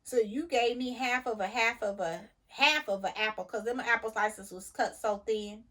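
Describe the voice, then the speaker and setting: A woman's voice: fairly high pitch, moderate pace. Lady trucker telling a story, chatty, fired up. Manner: animated, indignant retelling with laughs. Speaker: truck driver vlogger. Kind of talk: casual storytelling chat.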